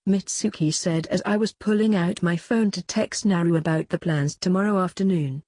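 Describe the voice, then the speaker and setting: A woman narrating a first-person story in a plain, even reading. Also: on the low side, normal speed, few pauses, no room sound. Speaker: audiobook reader.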